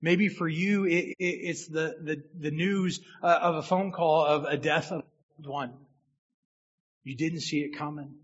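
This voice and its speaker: A man's voice: a little high, fairly even intonation, unhurried, highs cut off. A man who is a minister, giving a sermon as a personal story and speaking directly to the people in the room.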